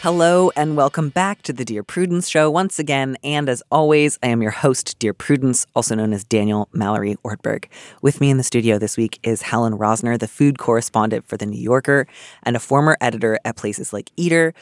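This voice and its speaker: A man's voice: medium pitch, brisk, no room sound. A man hosting an advice podcast in a studio, chatting playfully and self-deprecatingly with plenty of ums. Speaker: podcast host. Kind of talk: casual chat.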